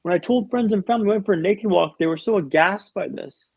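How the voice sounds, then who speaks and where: A man telling a vivid, humorous story with dramatic pauses as a guest in a podcast interview, on a dull, lo-fi recording. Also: high-pitched, vocal fry, husky, dry recording.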